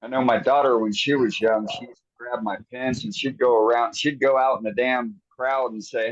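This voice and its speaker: A man's voice: medium pitch, normal speed, hardly any pauses, no room sound. A man in a casual club chat, rambling and folksy, telling stories over a video call. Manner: relaxed, rambling, folksy, lots of "you know". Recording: dull lo-fi video call audio.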